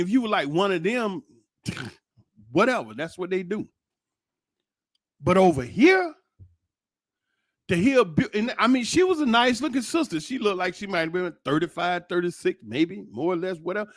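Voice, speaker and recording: A man's voice: high-pitched, no echo, clean studio sound. A middle-aged man telling stories to his channel in a loose, rambling monologue, full of restarts and exclamations. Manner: animated, rambling storyteller with frequent restarts and exclamations. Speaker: channel host. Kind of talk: casual commentary monologue.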